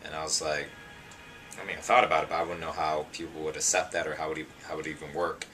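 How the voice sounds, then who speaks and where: Low-voiced young man telling a lively story. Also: fast, soft background music. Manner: animated, chatty, many fillers like um and you know. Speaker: pastor and singer interviewed. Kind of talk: casual interview storytelling.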